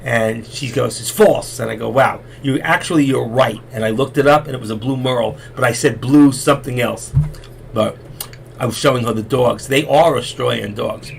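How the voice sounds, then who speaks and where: Chatty gravelly man, voice worn. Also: medium pitch, moderate pace, slight background noise. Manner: chatty, folksy, repeats himself. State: losing his voice. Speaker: live stream host. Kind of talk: rambling casual storytelling.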